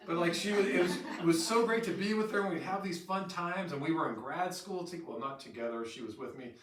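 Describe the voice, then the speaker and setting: A middle-aged man leading a staff training session, telling lively stories and acting out quotes. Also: on the high side, fairly quick. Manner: animated storyteller who acts out quotes with laughter. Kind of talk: in-service training talk. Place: training room with an audience. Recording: roomy echo from far off, faint noise.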